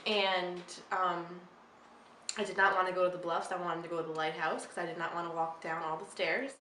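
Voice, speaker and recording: A woman telling a personal story in a relaxed, chatty way, laughing along. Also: lowish voice, a little fast. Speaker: interviewee. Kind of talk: casual storytelling. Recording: roomy, faint background noise.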